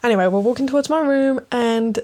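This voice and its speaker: A woman rambling casually in a late-night podcast episode, giggling often and swearing freely, sometimes dropping to a hushed voice. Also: fairly high pitch, a little fast. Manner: drops to a hushed voice at times. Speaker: podcast host.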